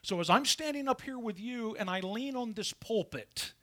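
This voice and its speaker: Speaking at normal speed in a very high-pitched voice, this man preaches as a pastor from the pulpit, animatedly asking his congregation rhetorical questions along the way.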